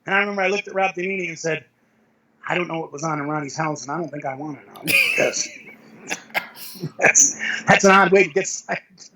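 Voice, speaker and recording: A man's voice: fairly high pitch, quick pace, pauses often, background noise. A middle-aged man, a veteran powerlifter, telling rambling anecdotes as an interview guest, with self-corrections and chuckles. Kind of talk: casual storytelling interview.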